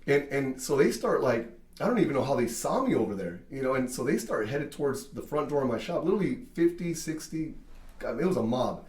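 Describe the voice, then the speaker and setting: A man who owns a barbershop telling a story in casual chat, animated, full of fillers and swearing. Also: medium pitch, fairly quick, roomy sound. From Mexican-American from Southern California. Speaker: barbershop owner.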